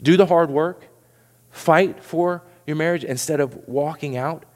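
A man's voice: fairly high pitch, measured pace, darkish tone. Earnest male pastor in a reverberant hall. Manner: earnest, repeats words when pressing a point. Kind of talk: sermon.

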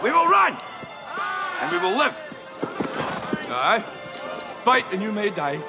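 An actor with a Scottish accent playing a defiant rebel leader giving a stirring battle speech to his army, building to shouts. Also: high-pitched, wildly swooping pitch, slow pace, heavily acted. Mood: defiant, rousing. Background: film score music.

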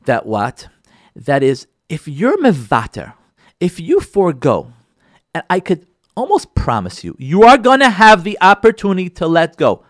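Animated rabbi a lively, expressive voice. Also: male voice, sits high, normal speed, no echo, clean studio sound. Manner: animated, repeats phrases for emphasis, acts out listeners' voices. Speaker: rabbi, show host. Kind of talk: lively Torah talk addressed to listeners.

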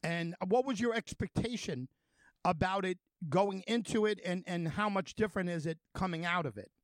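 A male radio host interviewing a guest, talking in halting, rambling runs with many fillers and restarts. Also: high-pitched, no room sound.

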